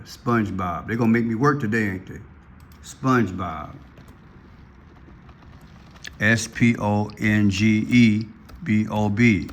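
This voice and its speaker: Repetitive, talky male video commentator. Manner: repeats himself, keeps addressing viewers; rises sharply in pitch when worked up. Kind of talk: casual commentary to viewers.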